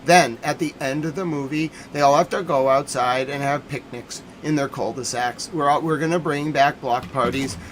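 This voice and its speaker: A man's voice: medium pitch, fairly even intonation, normal speed, few pauses, fairly bright tone, a little hiss or hum. A man hosting a livestream, riffing in a casual, joking monologue and laughing at his own ideas. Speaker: host of a nightly news recap stream.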